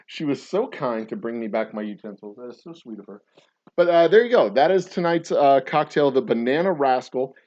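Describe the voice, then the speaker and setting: A playful man chats casually as he mixes a drink, rambling into far-fetched stories that he tells with a straight face. His voice sits at a middle pitch, and the recording sounds a little dull. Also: a little mellow. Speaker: podcast host and distiller. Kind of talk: casual chat while mixing a cocktail.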